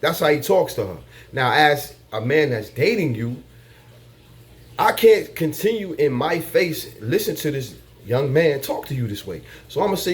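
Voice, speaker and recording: A man's voice: a little high, very animated, moderate pace. A man giving dating advice in a casual monologue, blunt and profane, repeating his points like a lecture.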